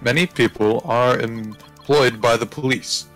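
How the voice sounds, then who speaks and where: A man's voice: medium pitch, a little slow, faint music behind, rough recording. A man reading as a robotic bomb-squad witness. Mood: deadpan. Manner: flat, clipped robotic delivery. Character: stiff male bomb-squad witness who talks like a robot. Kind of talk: reading a game script aloud.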